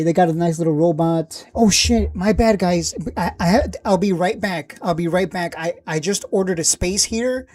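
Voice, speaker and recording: Man, stock live-stream host, casual, laid-back, repeats himself, warm low tone. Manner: laid-back, repeats himself, talks while clicking through screens.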